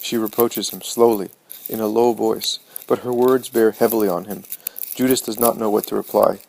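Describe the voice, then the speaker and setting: A man reading a religious book aloud in measured, steady scripted narration. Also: lowish voice, vocal fry, low-quality recording. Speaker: audiobook reader.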